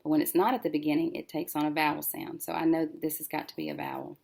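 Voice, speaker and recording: A woman teacher working through a syllable-division lesson, thinking aloud and slowly sounding out each syllable as she writes. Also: low-pitched, flat delivery, gravelly, a little mellow. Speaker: reading teacher.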